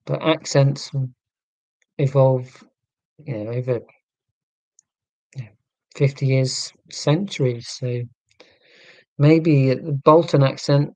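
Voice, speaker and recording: A man's voice: medium pitch, fairly even intonation, takes it slowly, pauses often, mellow, no room sound, rough recording. A man from southern England hosting a casual live stream, reading chat and musing in a tangential, self-deprecating way. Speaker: livestream host reading chat.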